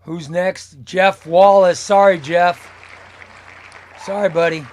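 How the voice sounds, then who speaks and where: A man's voice: high-pitched, fairly even intonation, takes it slowly, slight background noise. A man hosting a live comics stream, playfully calling out giveaway names one by one. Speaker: comic channel host.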